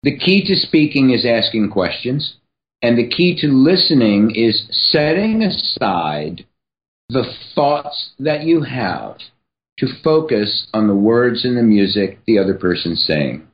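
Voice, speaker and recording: Male podcast guest, teacherly and deliberate, unhurried delivery, slightly muffled lo-fi recording. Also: medium pitch, big pitch swings. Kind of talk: explanatory interview talk.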